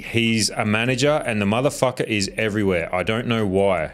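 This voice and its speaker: A man's voice: lowish voice, fairly quick, hardly any pauses. Chatty man hosting commentary. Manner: chatty, animated storytelling. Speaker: host. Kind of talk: casual commentary.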